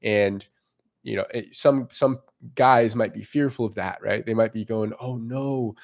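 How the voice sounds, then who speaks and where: A young man coaches in a relaxed, off-the-cuff monologue. He speaks bluntly and swears casually, repeating himself as he works through his points. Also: on the low side, normal speed, vocal fry. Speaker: dating coach.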